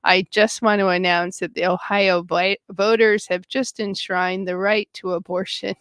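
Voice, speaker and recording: A woman co-hosting a music stream, chatting softly and reading her own poem slowly and tenderly. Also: mid-range voice, flat delivery, clear, resonant tone, dry recording, clean studio sound. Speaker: co-host.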